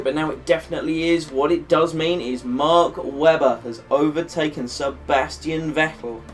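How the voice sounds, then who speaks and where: A man's voice: medium pitch, recorded from a distance. A man recapping a racing video game career race he just played, rambling and thinking aloud with fillers, tired after a long session. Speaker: gaming channel host.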